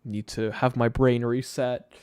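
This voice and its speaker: A man's voice: mid-range voice, flat delivery, measured pace, darkish tone, clean tone, dry recording, studio quality. A tired man hosting a late-night live stream, chatting to his viewers in a rambling way with frequent laughs and restarts. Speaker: YouTube channel host. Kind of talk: casual live-stream chat.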